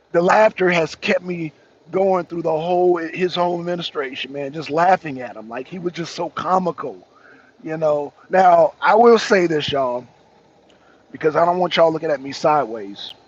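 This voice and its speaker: A high-voiced, husky man hosts a talk show, riffing casually on politics for his viewers. He rambles, laughs frequently, says things more than once and leans on slang, all on a dull, lo-fi recording.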